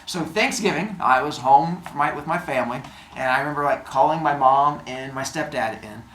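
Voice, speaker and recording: A man telling a personal story in a casual way, acting out the other people's lines in an animated manner. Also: fairly high pitch, normal speed. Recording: roomy echo, faint noise.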